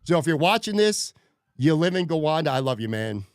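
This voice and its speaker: A man's voice: on the high side, very animated, fairly quick, clear, resonant tone, no room sound, studio quality. A man hosting a podcast, telling a story in a profane, worked-up way. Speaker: podcast host. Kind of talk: casual podcast rant.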